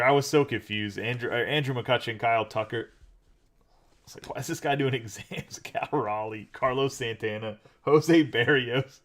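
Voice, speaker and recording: A man hosting a live card break, chatting casually and rattling off names quickly. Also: mid-range voice, fairly bright tone.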